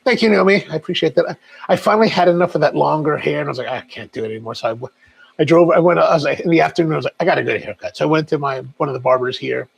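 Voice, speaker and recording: A man's voice: fairly high pitch, rapid-fire, gravelly, slightly rough. A middle-aged man hosting a casual livestream, chatting in a rambling, storytelling way. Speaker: livestream host.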